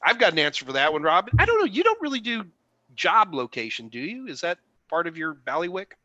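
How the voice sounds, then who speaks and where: Bright-voiced chatty Texan man. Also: sits high, huge pitch swings, fast, no room sound, lo-fi sound. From Texas. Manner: joking, chatty, lots of fillers. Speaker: host. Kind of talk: live Q&A stream chat.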